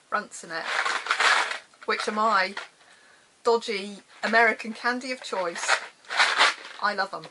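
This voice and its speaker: A middle-aged British woman, a crafting vlogger, chats casually while showing off her crafts, her mid-range voice buried in heavy noise. She's self-deprecating and keeps trailing off and starting over.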